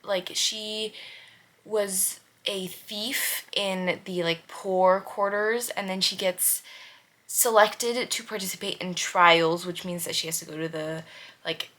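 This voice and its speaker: A woman's voice: medium pitch, fairly even intonation, takes it slowly, a bit bright. A young woman vlogger gushing about her favorite books in casual chat, often repeating phrases for emphasis. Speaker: book vlogger. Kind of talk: casual book review chat.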